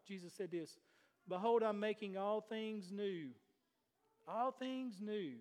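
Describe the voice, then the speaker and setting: A high-pitched pastor preaches in a large church sanctuary, alternating between loud declarations and hushed asides. He poses many rhetorical questions.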